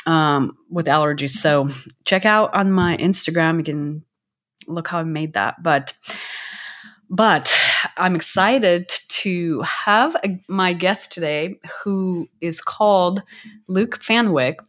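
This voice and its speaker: Female podcast host, lowish voice, halting chatty delivery. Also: a bit bright. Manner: hesitant, restarts often. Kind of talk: casual podcast interview.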